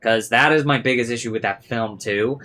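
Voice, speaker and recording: Over gameplay, a young man offers loose, rambling commentary, dropping "like" constantly and cursing freely. His mid-range voice is brisk, with steady noise behind it.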